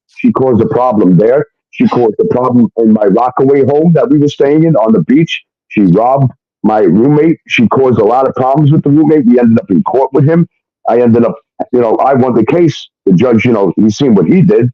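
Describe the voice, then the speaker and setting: A man telling a personal story in an animated way, often asking "okay?" as he goes. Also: medium pitch, dry recording, muffled recording. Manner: animated, keeps adding "okay?". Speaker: recording artist telling his story. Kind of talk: casual storytelling monologue.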